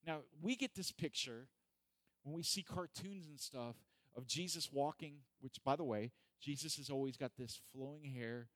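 A man's voice: mid-range voice, moderate pace, no room sound. A man preaching a casual, joking sermon who acts out the people in the story. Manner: animated, joking, acts out voices. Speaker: pastor. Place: church hall.

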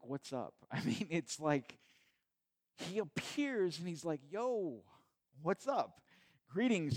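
A man preaching a sermon in a conversational way, retelling the scene with animated asides. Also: medium pitch. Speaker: pastor.

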